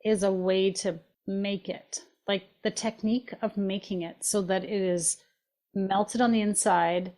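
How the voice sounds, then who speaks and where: A woman co-hosting a cooking podcast in casual chat, animated and playful. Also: medium pitch, measured pace. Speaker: podcast co-host.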